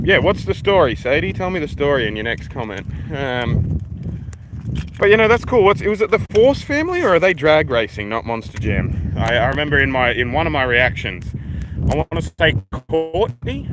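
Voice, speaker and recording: An Australian man chats on a livestream as he strolls through a park, his voice sitting at an ordinary pitch. He rambles easily and swears without a second thought. Outdoor noise is plainly heard around his phone mic. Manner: laid-back, rambling, swears freely. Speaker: livestream host. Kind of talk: casual walking livestream chat.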